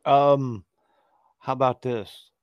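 A man's voice: medium pitch, fairly even intonation, slow, clear, resonant tone, no echo, highs cut off. Easygoing man chatting as a guest. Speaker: podcast guest. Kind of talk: casual chat.

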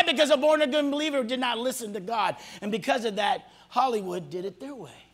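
A male pastor preaching a sermon to a congregation, swinging from loud shouts to hushed near-whispers and acting out the voices of people he quotes. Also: very high voice, a little fast, hardly any pauses. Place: church hall before a congregation.

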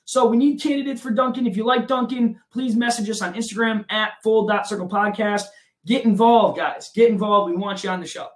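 A young man with a high voice co-hosts a casual podcast. He rants with mock outrage and laughs often, and his voice rings in a roomy, echoey space. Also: fairly even intonation, brisk. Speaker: podcast co-host. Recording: roomy echo.

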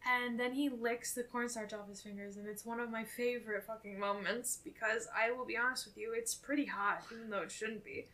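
Brief: young woman podcast co-host, fairly high and bright, animated and foul-mouthed. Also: brisk, hardly any pauses. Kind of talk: casual chat recapping a film.

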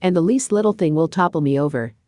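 A clumsy male donkey grumbles and complains, as a woman reads him. The voice stays low, recorded dry and close. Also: fast, mellow, no echo, natural voice. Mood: angry. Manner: grumbling, indignant.

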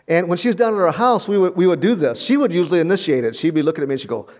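A man's voice: on the high side, animated, quick pace, hardly any pauses, darkish tone. An older man preaching a sermon in a conversational, storytelling way, often repeating words and chuckling. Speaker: pastor.

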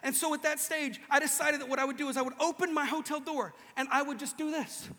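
A man preaching a humorous sermon to a live audience, animated and joking, acting out the voices he quotes. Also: very high voice, fast talker, in a large hall, a little hiss or hum. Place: large hall with an audience.

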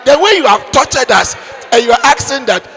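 A man voicing an exasperated African mother who loudly scolds her son with sharp rhetorical questions, in an echoey church hall. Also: a little high, big pitch swings, fast, a faint crowd, voice pushed down, full character voice.

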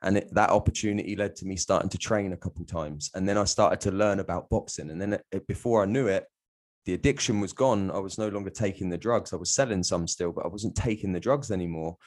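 A man's voice: sits low, quick pace. A man, telling a candid personal story as a guest in a blunt, sweary way, often laughing.

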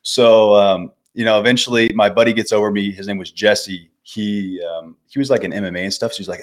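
A man in his twenties with a notably deep voice tells a story as a podcast guest. His delivery is casual and easygoing, full of swearing and slang like dude and bro. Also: steady tone, brisk, hardly any pauses. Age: 20s. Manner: laid-back, swears freely, says dude and bro.

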